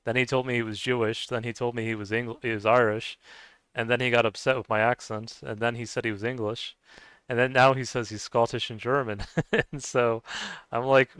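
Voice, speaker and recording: A man streams a game while chatting casually with viewers, rambling and hesitant with many fillers and restarts, and chuckling often. His medium-pitched voice is smooth, fairly bright, and brisk with little pitch movement, recorded with no echo.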